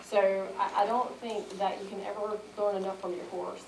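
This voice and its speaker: A woman's voice: medium pitch, flat delivery, normal speed, noisy background. A woman organizer giving earnest, encouraging closing remarks to an audience, repeating herself for emphasis. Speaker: event organizer. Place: indoor event hall. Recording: echoey room, mic some distance away.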